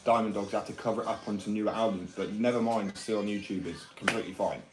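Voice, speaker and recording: Sweary young man, low voice. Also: steady tone, fast, background noise. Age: 20s. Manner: rambling, opinionated and sweary. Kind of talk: casual chat. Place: workshop room. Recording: echoey room, far from the mic, music behind.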